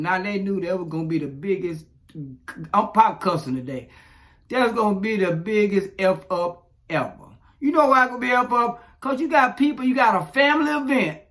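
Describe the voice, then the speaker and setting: A man's voice: sits high, sharp tone. A man, ranting profanely in casual commentary, chuckling and rambling as he goes. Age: 40s. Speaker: social media commentator.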